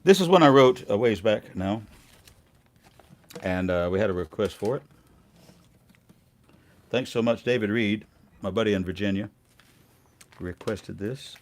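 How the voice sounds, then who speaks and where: An older man, a singer-songwriter, chatting casually and rambling quietly between songs on his music show. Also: lowish voice, measured pace, long pauses. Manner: relaxed, rambling, quiet spoken asides. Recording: guitar music under the voice. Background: acoustic guitar playing.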